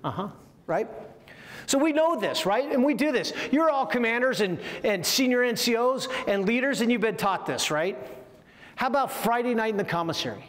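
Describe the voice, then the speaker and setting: A man with a fairly high voice teaches a communication course to officers and senior leaders. He keeps the room engaged with constant rhetorical questions and checks like "right?". His voice carries a long reverb from a large hall. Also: moderate pace. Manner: lively, asks the audience frequent rhetorical questions. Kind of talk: leadership training talk to military officers.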